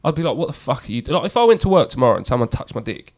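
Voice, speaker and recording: Young male co-host; lively, blunt, sweary delivery. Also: mid-range voice, racing. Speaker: podcast co-host. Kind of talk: casual chat.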